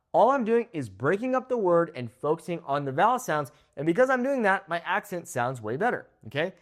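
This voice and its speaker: A young man teaching Spanish pronunciation to camera, drawing out model words slowly and checking in with "okay?" after each one. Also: a little high, big pitch swings. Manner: slow, drawn-out model words, frequent "okay?" check-ins.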